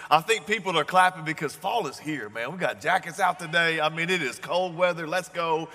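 A man delivers a sermon in a relaxed, storytelling manner. His voice sits a little high and sounds bright and forceful. The sound carries the long reverb of a large church hall. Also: a little fast. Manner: casual, storytelling, chatty with slang. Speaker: pastor.

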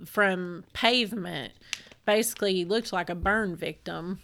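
A woman's voice: on the low side, measured pace, creaky, fairly bright tone, slight background noise. A woman, co-hosting a casual talk show and retelling a frightening family event in a rambling, emotional way. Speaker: podcast co-host. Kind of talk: casual storytelling chat.

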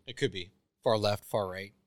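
A man's voice: on the low side, normal speed, no echo. A man, co-hosting a casual podcast chat, swearing freely and slipping into mock voices. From Canada. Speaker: podcast co-host.

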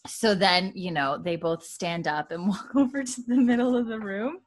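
A woman in casual chat, retelling a show's scenes with bursts of laughter and quick acted-out dialogue. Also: mid-range voice. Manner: animated storyteller, acts out characters' lines, laughs often. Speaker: podcast co-host recapping a TV episode.

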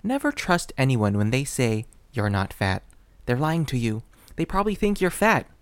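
A young man reading a comedic personal essay in a self-deprecating, deadpan way. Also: mid-range voice, moderate pace, clear, resonant tone, no room sound.

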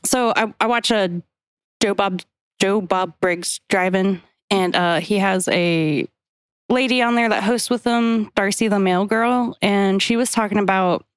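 A woman's voice: medium pitch, a little slow, clean tone, no echo, studio quality. A woman from Mississippi co-hosting a podcast, rambling and giggling through crude comic chat. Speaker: podcast co-host.

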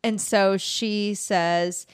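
A woman co-hosting a podcast, casually retelling a story with lively quoted voices and frequent laughter. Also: medium pitch, drawn-out words, smooth. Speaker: podcast co-host.

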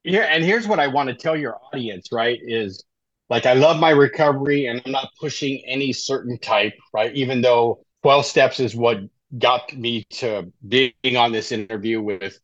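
A man's voice: mid-range voice, normal speed, fairly bright tone, dull audio. A middle-aged man, a podcast guest, tells his story in a casual, conversational way and often ends sentences with "right?". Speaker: podcast guest, life coach in recovery.

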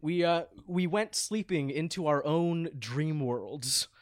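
A man's voice: fairly high pitch, slow pace. A man hosting a podcast in loose, profane, joking banter with his co-host. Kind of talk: casual chat.

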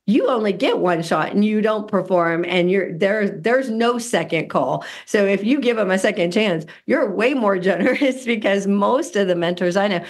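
A woman's voice: mid-range voice, normal speed, few pauses. A woman hosting an interview podcast, enthusiastic and affirming as she responds to her guest, laughing often. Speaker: podcast host. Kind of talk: casual interview talk.

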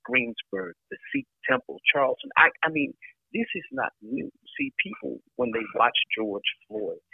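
An older man with a gravelly, creaky voice speaks as an interview guest, emphatic and measured, stacking one example on another. His voice comes through dry and tinny, like a phone line. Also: mid-range voice, no room sound. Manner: emphatic, piles up repeated lists. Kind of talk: reflective interview talk.

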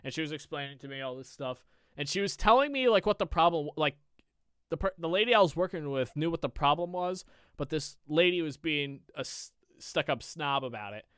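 Brief: male podcast co-host with a smooth, clear tone, casually swearing through work stories. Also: a little high, animated, a little fast, fairly bright tone, no echo, clean studio sound. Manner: rambling storyteller, swears a lot.

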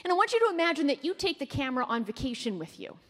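A woman from Canada delivers a keynote to a live crowd, talking fast and tossing questions at the audience. Her voice sits high and swings widely in pitch. The sound carries a long reverb from a large hall. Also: very animated, a bit bright. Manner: fast-talking, quizzes the audience, playful asides. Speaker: keynote speaker.

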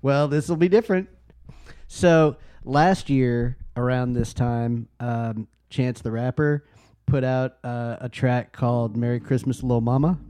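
A man's voice: medium pitch, steady tone, a little slow, warm tone, smooth. A man co-hosting a casual chat show, talking hesitantly with many fillers and restarts. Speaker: co-host.

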